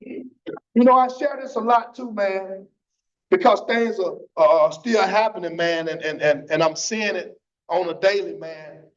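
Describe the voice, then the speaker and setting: A high-voiced man gives a fervent, impassioned church testimony at a measured pace, repeating phrases and tagging lines with "man." It's captured on a dull, lo-fi church stream.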